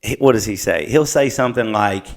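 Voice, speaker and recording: A man's voice: on the low side, brisk. Young man hosting, loose and profane. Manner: loose, rambling, peppered with profanity. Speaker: podcast host. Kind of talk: casual chat.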